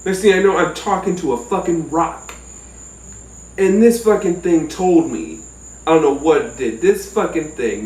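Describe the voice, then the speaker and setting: A man telling a personal story in a casual, profane, animated way. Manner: animated, profane, jumps into high yelps. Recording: roomy sound from a distant mic.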